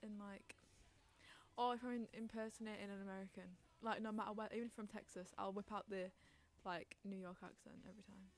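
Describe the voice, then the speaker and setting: A woman's voice: medium pitch, level tone, a little fast. A young woman hosting a casual chat podcast on stream, rambling, giggling and reading out chat messages.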